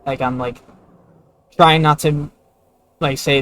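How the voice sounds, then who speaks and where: A man's voice: medium pitch, flat delivery, moderate pace, long pauses, fairly bright tone, low-quality recording. A man streaming a video game, telling a long story in a loose, rambling way with lots of filler words. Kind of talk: casual gameplay commentary.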